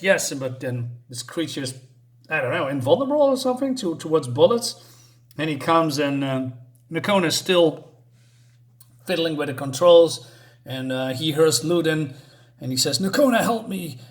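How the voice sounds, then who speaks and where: Male comic reviewer, casual and halting, mid-range voice. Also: medium pitch. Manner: halting, with many restarts and filler words.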